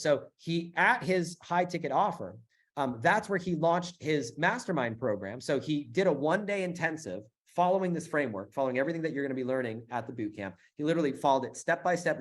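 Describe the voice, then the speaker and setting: A middle-aged man hosting a live sales webinar, pitching emphatically with repeated phrases and frequent fillers. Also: animated, a little fast. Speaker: webinar host selling a business bootcamp.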